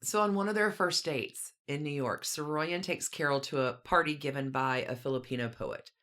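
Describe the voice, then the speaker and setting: A woman's voice: sits low, normal speed, fairly bright tone. A woman co-hosting a podcast, casually telling a story with conversational, dry asides. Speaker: podcast co-host.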